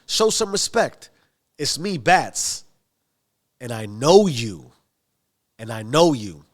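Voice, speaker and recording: A man's voice: medium pitch, very animated, slow pace. A man voicing a swaggering older male mobster who needles nonchalantly. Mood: mocking.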